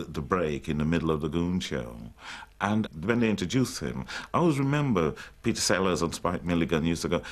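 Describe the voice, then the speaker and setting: A man in a documentary interview, telling his memories in a reflective, wry way. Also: low-pitched.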